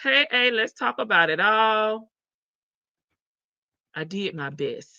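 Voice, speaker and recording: A woman's voice: mid-range voice, animated, slow pace, bright, forceful tone, smooth, no room sound. A woman with a Southern American accent hosting a livestream, chatting casually and folksily with viewers, laughing and calling them baby and child. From Southern United States. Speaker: livestream host. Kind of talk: casual gossip chat with viewers. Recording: dull lo-fi stream audio, dry.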